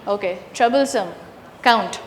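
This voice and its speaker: A woman's voice: mid-range voice, a little slow. A woman leading an interactive teacher training workshop, asking the room questions and confirming their answers. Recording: echoey room with long reverb.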